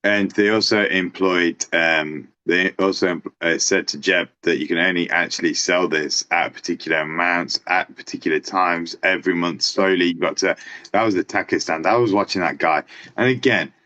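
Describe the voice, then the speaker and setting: A man in casual podcast chat, rambling and excitable, with the odd curse. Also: low voice, normal speed. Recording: dull lo-fi sound.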